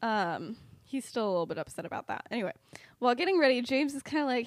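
A woman's voice: mid-range voice, lively intonation, fast, no echo, clean studio sound. A young woman hosting a podcast, casually retelling a story in a rambling, giggly way full of "like"s and restarts. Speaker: podcast host.

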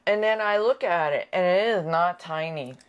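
A woman's voice: lowish voice, normal speed, clear, resonant tone, muffled recording. A woman co-hosting a casual chat show, blunt and laughing often, swearing freely. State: sick. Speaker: podcast co-host.

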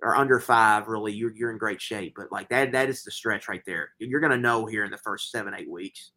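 A man's voice: fairly low pitch, brisk, sharp tone. Chatty man rambling through picks. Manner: rambling, lots of fillers and restarts. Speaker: podcast co-host. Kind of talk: casual sports betting chat.

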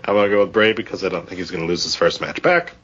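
A man hosting a casual podcast chat, husky and laughing often as he runs through picks. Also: deep voice, expressive, fast talker, fairly bright tone, slight background noise. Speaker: podcast host. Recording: dull lo-fi audio.

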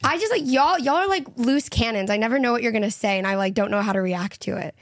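A woman's voice: a little high, fast, no room sound, clean studio sound. A young woman from Texas, a podcast guest chatting casually and teasing the hosts. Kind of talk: casual chat.

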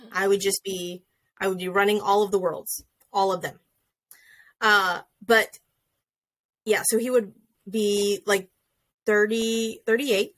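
A young woman co-hosting a podcast in casual chat, animated and joking, swearing freely, on a video call. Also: mid-range voice. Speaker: podcast co-host.

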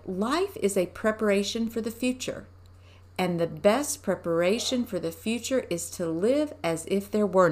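A woman giving a conversational devotional talk from home, unhurried and asking her listeners rhetorical questions. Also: fairly low pitch. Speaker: devotional teacher.

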